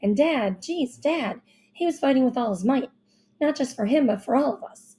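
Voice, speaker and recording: Brief: female audiobook narrator, warm and mellow, slightly high, young-sounding first-person read. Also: normal speed. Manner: expressive, childlike first-person storytelling.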